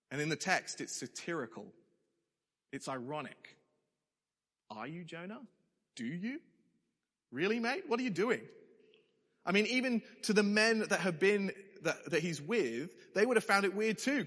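Young aussie guy giving a sermon, chatty and punchy, big echoey hall around him. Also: medium pitch. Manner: lively, conversational preaching with sudden emphatic rises. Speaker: preacher. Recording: long hall reverb.

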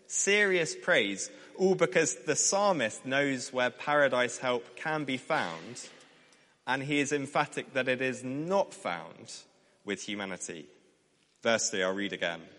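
A man delivering a sermon from the pulpit, his voice ringing with a long reverb around a church hall. He reads the scripture with emphatic, lifted praise, then drops to a low, soft close at the end of his phrases. His pitch sits in an ordinary middle range. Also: lively intonation, measured pace. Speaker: preacher.

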